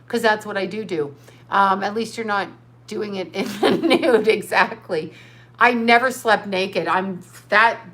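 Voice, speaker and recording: Middle-aged lady psychic ranting on her livestream, swears a lot, goes off on tangents, kinda high voice. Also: fairly bright tone. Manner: rambling, profane outbursts. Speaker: livestream host. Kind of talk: casual livestream chat reading viewer comments.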